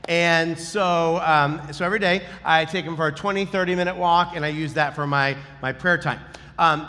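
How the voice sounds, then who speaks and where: High, bright-voiced pastor man. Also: long reverb tail. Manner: animated, acts out quoted lines with shouts. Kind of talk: sermon with storytelling.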